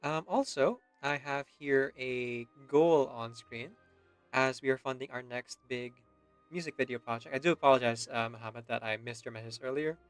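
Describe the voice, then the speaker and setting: Relaxed chatty male streamer host. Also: medium pitch, normal speed, smooth, faint music behind. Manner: relaxed, chatty, laughs often. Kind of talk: casual stream chat.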